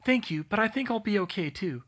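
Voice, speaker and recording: A man voicing a clever, brisk schoolgirl witch who speaks decisively. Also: high voice, lively intonation, a bit bright, pitched above the performer's own voice. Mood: hushed.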